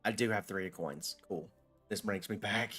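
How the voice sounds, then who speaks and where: A man with a fairly low voice chats casually while streaming a game. He rambles, restarts sentences and fills pauses with "um" as he answers his viewers. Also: a bit bright, breathy edge, soft background music. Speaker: gaming streamer. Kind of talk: casual live-stream chat while gaming.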